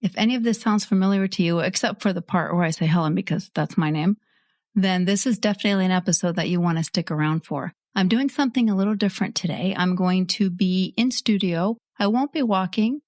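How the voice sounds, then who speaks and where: A woman's voice: mid-range voice, a little fast, a little mellow, no room sound. A woman hosting a podcast from her studio, chatting casually and poking fun at herself. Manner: chatty and self-mocking, laughs easily. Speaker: podcast host. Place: indoor studio at her computer.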